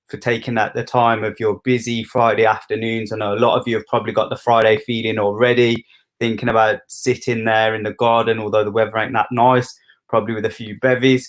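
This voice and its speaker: A man with a Birmingham accent hosting a university live stream, chatty and jokey. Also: on the low side. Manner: jokey, informal. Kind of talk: casual chatty presenting.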